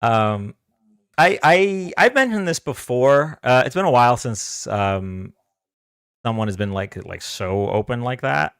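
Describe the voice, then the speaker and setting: A man's voice: medium pitch, animated, a little slow, fairly bright tone, clean tone, no room sound, studio quality. A man hosting a live political debate stream, talking casually and hesitantly with many fillers and restarts.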